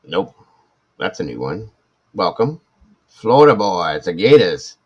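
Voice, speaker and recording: A man in his forties chats casually on a live stream, answering viewers in a rambling, self-mocking way full of restarts. His voice sits low and deep. The audio is dull and lo-fi. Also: very animated, measured pace, darkish tone, breathy edge. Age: 40s. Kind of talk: casual chat reading viewer comments.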